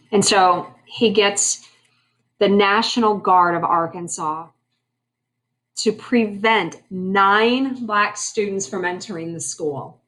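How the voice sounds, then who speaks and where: A woman's voice: medium pitch, a bit bright. A woman teaching a history lesson in a conversational way, asking her class questions and making wry asides. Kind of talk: classroom lecture.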